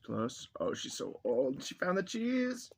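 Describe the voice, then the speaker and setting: A man's voice: sits high, very animated, a little slow, vocal fry, a little hiss or hum. A young man chatting casually, teasing his dog playfully and telling loose, profane stories with laughs. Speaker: vlogger and musician. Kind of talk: casual chat and storytelling.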